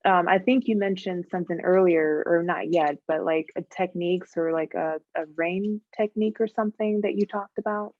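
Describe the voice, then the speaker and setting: Low-pitched reflective woman host. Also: moderate pace, hardly any pauses, no room sound, phone-quality sound. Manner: reflective, relaxed, speaks with fillers and musing. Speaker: podcast host. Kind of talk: casual conversational interview.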